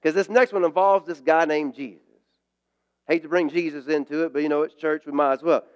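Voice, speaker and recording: A man's voice: on the high side, fairly even intonation, a little fast, smooth. A man preaching a sermon to a congregation, conversational and emphatic, repeating key phrases. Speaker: pastor.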